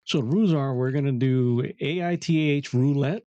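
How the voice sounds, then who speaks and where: A man co-hosting a podcast, explaining things in a steady, casual way. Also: mid-range voice, brisk, no echo, dull audio. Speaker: podcast co-host. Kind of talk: casual chat.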